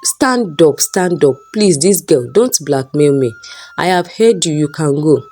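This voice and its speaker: A woman's voice: sits low, expressive, a little slow, dark tone, soft background music. A woman voicing a stern, curt middle-aged male lecturer in a storybook reading. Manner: curt and dismissive.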